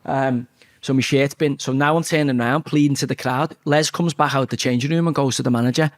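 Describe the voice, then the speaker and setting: A man's voice: mid-range voice, fairly even intonation, quick pace, no room sound, clean studio sound. A man with a Liverpool Scouse accent, a guest in a casual interview, telling stories bluntly and swearing freely. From Liverpool, England.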